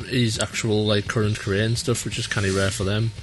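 A man, co-hosting a podcast in relaxed, rambling chat full of "like" and "um". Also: on the low side, a little fast. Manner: laid-back and rambling, heavy use of "like" and "um". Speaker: podcast co-host. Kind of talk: casual chat.

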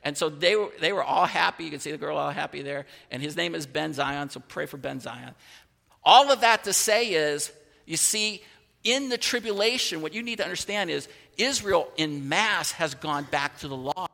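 A man preaches with a high, gravelly voice that has a sharp, bright edge. He tells his story in an animated way, restarting phrases as he goes. A long hall reverb trails behind his words. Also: normal speed. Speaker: pastor. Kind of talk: sermon teaching with a personal story.

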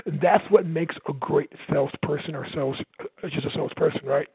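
A man from the United States, a sales coach and podcast host, giving a loud, fast, energetic motivational talk. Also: on the high side, breathy edge, no echo. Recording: tinny phone-like line, dry.

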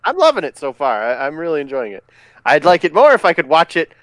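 A man's voice: on the high side, wildly swooping pitch, quick pace, dry recording. A man co-hosting a podcast, chatting casually with blunt, crude jokes. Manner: jokey, blunt, crude humor. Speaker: podcast co-host. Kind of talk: casual chat.

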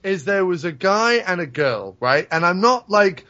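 A man's voice: sits high, big pitch swings, measured pace, sharp tone, highs cut off. A man telling rambling, profane stories as a podcast co-host, laughing as he goes. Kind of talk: casual chat, storytelling.

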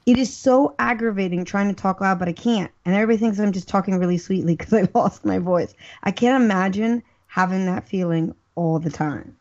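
A woman's voice: mid-range voice, a little fast, hardly any pauses, a little mellow. A woman co-hosting a podcast in casual, teasing banter who laughs easily. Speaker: podcast co-host. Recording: dull lo-fi podcast audio.

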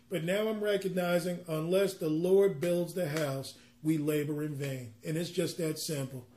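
A man ministering a sermon, reading scripture slowly and then explaining it in an earnest, conversational way with personal asides. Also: on the high side, steady tone, mellow. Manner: reads scripture slowly in King James wording.

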